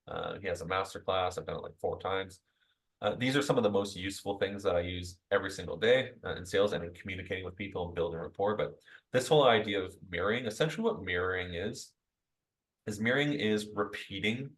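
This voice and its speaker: A man giving a conversational sales training talk to a group, upbeat and chatty, tagging most points with a quick "right?". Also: low-pitched, rough recording. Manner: upbeat coaching tone, addresses group directly. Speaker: real estate sales trainer.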